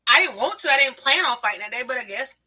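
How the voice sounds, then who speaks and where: A woman's voice: sits high, expressive, quick pace, background noise. A middle-aged woman, a podcast guest animatedly telling family stories and laughing often. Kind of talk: casual family storytelling.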